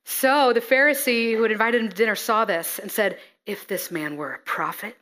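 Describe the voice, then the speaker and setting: A woman preaching a sermon, reading scripture and acting out the figures with lively expression. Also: a little high, moderate pace, hardly any pauses. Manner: expressive, acts out scripture figures, laughs at herself.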